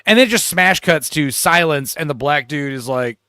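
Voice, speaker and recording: A man's voice: a little high, lively intonation, normal speed, pushed and bright, clear, resonant tone, dry recording, clean studio sound. A man co-hosting a casual film chat, telling the story animatedly and laughing often. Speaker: podcast co-host.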